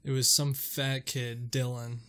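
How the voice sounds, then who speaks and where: A man's voice: medium pitch, level tone, a little slow, pushed and bright. A young man on a casual podcast, telling a story playfully and swearing freely. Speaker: podcast co-host. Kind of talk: casual chat.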